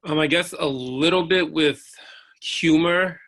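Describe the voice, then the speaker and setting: Man, preacher and officer, earnest storyteller; gravelly texture, tense and bright. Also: a little high, slow. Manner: earnest, animated, acts out the voices of others. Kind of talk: personal storytelling in a panel discussion.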